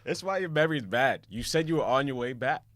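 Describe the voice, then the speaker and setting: A man's voice: mid-range voice, expressive, fast talker, a bit bright, no echo, studio quality. A man on a podcast defending his side of a story in short, casual interjections. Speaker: podcast guest. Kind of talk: casual chat.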